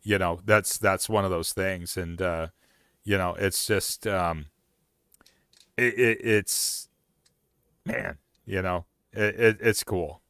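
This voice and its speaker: A man's voice: low-pitched, fairly even intonation, slow, long pauses, fairly bright tone, no room sound, studio quality. A man hosting a casual outdoors livestream, rambling with lots of fillers and restarts. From Oregon. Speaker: livestream host.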